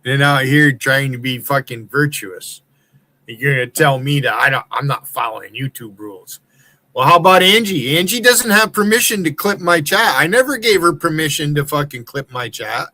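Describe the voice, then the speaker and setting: A man from the United States hosts a livestream and rants at rivals in a heated, accusing tone, full of swearing. His voice sits a little higher than most men's. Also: expressive, normal speed, bright, forceful tone. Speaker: livestream host. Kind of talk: angry profane rant.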